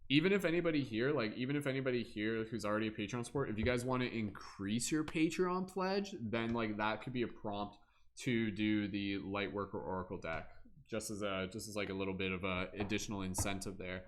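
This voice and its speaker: There's a little hiss or hum behind this man as he hosts a tarot reading livestream in a fairly low voice. He keeps things casual and loose, plugging pauses with fillers and hummed "da da da" sounds.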